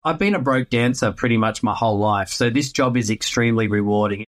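A man talks about his work in a relaxed interview. He tells stories in a playful, lively way, and his voice sits in an ordinary middle pitch. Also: a little fast. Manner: animated, playful storyteller. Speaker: real estate agent. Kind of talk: casual interview answers.

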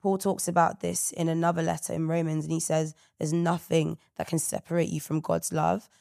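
A woman with a gravelly voice giving emphatic encouragement in a casual devotional discussion. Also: low-pitched, level tone, brisk, a little mellow, no room sound, studio quality. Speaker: Bible discussion participant.

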